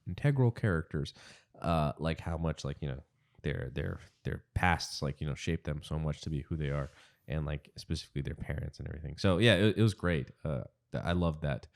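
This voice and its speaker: Deep-voiced man in laid-back podcast chat. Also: brisk, vocal fry. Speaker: podcast co-host. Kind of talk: casual chat.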